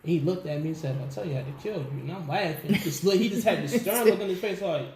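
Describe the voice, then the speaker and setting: A man telling stories as a guest in a casual interview, animated, laughing often and acting out what people said. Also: high-pitched, fast talker. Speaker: musician guest. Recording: echoey room with faint background noise.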